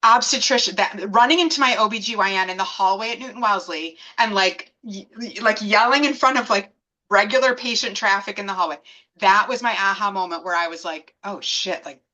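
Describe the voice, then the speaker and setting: A woman in her thirties with a bright, clear tone and a mid-range voice. She tells her story in a casual, animated way and slips into the voices of the people she quotes. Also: mid-range voice, brisk, highs cut off. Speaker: guest.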